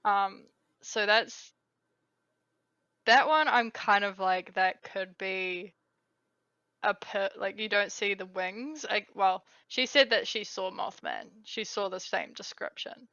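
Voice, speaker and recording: A woman's voice: mid-range voice, takes it slowly, bright, forceful tone, dry recording, highs cut off. A woman with a New Zealand accent co-hosting a podcast in casual chat, chatty with lots of fillers. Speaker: podcast co-host.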